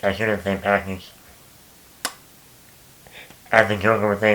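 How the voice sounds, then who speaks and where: A man's voice: lowish voice, measured pace, slight background noise, rough recording. Rambling young man reviewing a movie. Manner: rambling, repeats and restarts words, animated asides. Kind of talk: casual spoken movie review.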